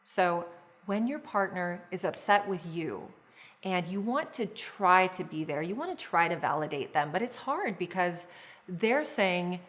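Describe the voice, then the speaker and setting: A woman therapist teaching a course on relationships, speaking in a calm, measured, explanatory way with frequent small restarts. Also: lowish voice. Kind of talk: instructional talk to camera.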